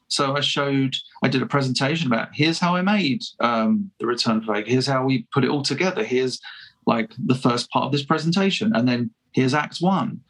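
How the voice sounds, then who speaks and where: A man talks through a long story in a relaxed interview, husky and a little breathy. His pitch sits in an ordinary middle range. He rambles with lots of false starts and quick chuckles. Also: poor audio. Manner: chatty, self-deprecating, laughs often, many restarts. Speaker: fan filmmaker guest.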